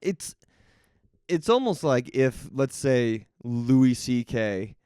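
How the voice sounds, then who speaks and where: Laid-back swearing podcast co-host, mid voice. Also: male voice, medium pitch, animated, slow, mellow, clean tone, no echo, clean studio sound. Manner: laid-back, swears a lot, asks silly questions. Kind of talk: casual chat.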